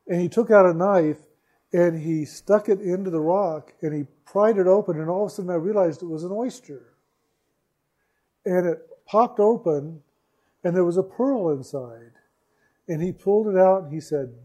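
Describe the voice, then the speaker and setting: A man recounts a personal story slowly and reflectively. His voice sits a little high but sounds warm and mellow. He circles back with repeated phrases to drive points home. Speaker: speaker telling a personal story. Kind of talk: storytelling talk.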